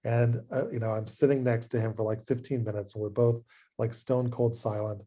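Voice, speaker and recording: Man, rabbi, lecture over video call, warm dark timbre, chatty storytelling, frequent restarts. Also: mid-range voice, a little fast. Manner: conversational, animated anecdote telling with frequent restarts. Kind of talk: adult education lecture with storytelling.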